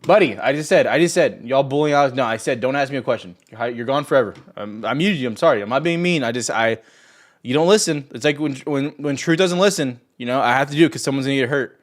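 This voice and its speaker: A man's voice: medium pitch, quick pace. A young man hosting a trading livestream, talking casually and ranting at viewers in chat with sarcasm and profanity. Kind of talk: casual live stream chat.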